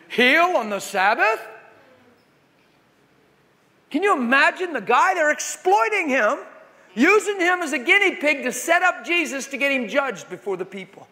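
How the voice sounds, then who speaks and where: A man preaches to a crowd in a big echoing hall, his voice pitched high for a man. He tells his stories with animation and breaks into acted voices and wailing. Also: pushed and bright. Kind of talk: sermon. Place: large hall with audience. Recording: long hall reverb.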